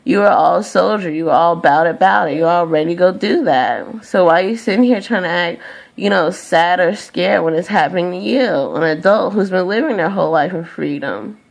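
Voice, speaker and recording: Gravelly young woman ranting, profane. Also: fairly low pitch, a little fast. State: tired. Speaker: vlogger. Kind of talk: venting monologue to camera.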